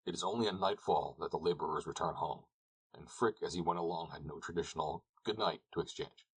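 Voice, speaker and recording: A man narrating an audiobook, reading calmly and evenly. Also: sits low, quick pace, breathy edge, low-quality recording. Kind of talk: scripted narration.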